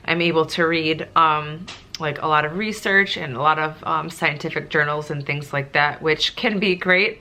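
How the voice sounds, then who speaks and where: Speaking low but bright and forceful, this young nurse-turned-vlogger chats her way through a relaxed Q&A. Her talk is heavy with fillers, and now and then her emotions rise until she's nearly crying.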